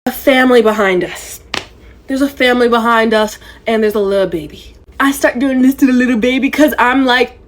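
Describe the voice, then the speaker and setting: A woman's voice: fairly high pitch, fairly quick. A woman telling a story in a vlog, in a dramatic and exasperated way.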